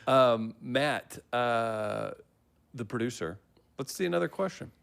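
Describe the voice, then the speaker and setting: A man's voice: mid-range voice, animated, takes it slowly, gravelly, a bit bright, smooth. A man hosting a trivia night over a livestream, chatty and joking, laughing often. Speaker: trivia host.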